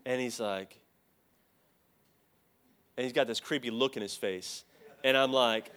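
Guy preaching through a story, lively, does little voices for people. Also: medium pitch, unhurried, pauses often, clear, resonant tone. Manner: animated, acts out both sides of dialogue. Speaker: speaker at a church teaching. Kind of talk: storytelling sermon.

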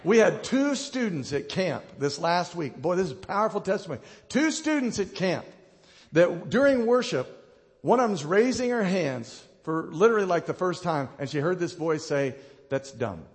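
A middle-aged male pastor preaching with fervor, his voice sitting a little high for a man and carrying a gravelly edge. He swings between ringing proclamations and quiet, hushed passages. The sound rings out across a church sanctuary with a long reverb tail. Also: sing-song, moderate pace. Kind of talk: sermon.

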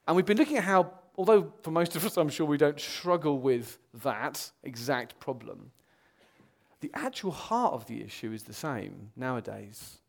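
A young man preaching a sermon to a congregation, animated and earnest, rising to loud exclamations and dropping to quiet, serious tones. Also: fairly high pitch, gravelly.

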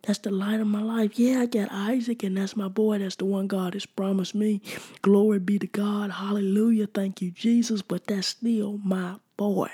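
A woman's voice: mid-range voice, level tone, moderate pace, warm tone, slightly rough, lightly acted. A woman voicing a torn older father who pleads and insists with emphatic repetition. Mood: pleading.

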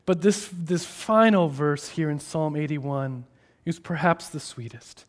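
A man preaching a sermon, moving between hushed, drawn-out phrases and raised, emphatic ones. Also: on the high side. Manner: expressive, shifting between hushed and raised delivery.

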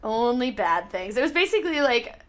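A young woman in casual chat, talking in an animated, rambling way with lots of "like". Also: fairly high pitch, a little fast. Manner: animated, rambling storytelling with frequent "like".

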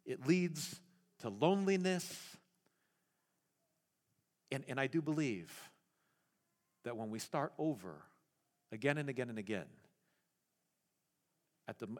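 A male pastor preaching a sermon in an animated way, often repeating words as he goes. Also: sits high.

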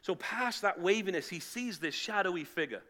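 A man preaching to a live congregation, retelling a story in a casual, animated way and acting out the voices of its characters. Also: high voice, normal speed. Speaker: pastor. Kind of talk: sermon storytelling. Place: church hall with live audience, also streamed online.

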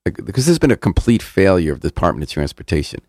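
Older radio host guy, deep gravelly voice, rattles off pointed questions fast, dry studio. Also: big pitch swings, a little mellow, dry recording. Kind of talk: radio interview.

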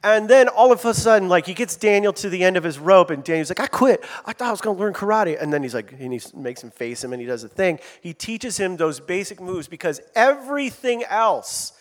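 Lively conversational male pastor, fairly high voice. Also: brisk, few pauses. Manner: lively, conversational preaching with asides to the congregation. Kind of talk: sermon.

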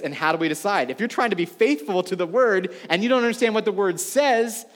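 A man's voice: high-pitched, lively intonation, brisk, big-room sound. A man preaching a sermon to a congregation in a casual, conversational way, full of asides. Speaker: pastor. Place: church room before a congregation.

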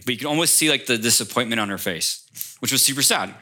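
A man, a pastor, preaching a sermon to his congregation as a lively storyteller who speaks straight to the room. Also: mid-range voice, rapid-fire. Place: church before a congregation.

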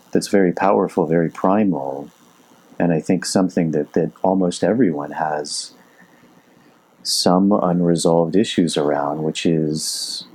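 A man's voice: low voice, mellow. A man hosting a podcast in casual, reflective conversation, thinking aloud and searching for words. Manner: thoughtful, searching for words with fillers. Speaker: podcast host.

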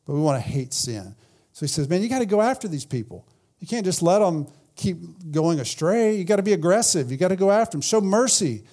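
A man's voice: medium pitch, a little mellow. A man preaching a sermon in a conversational way, often repeating words and saying "man". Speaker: pastor.

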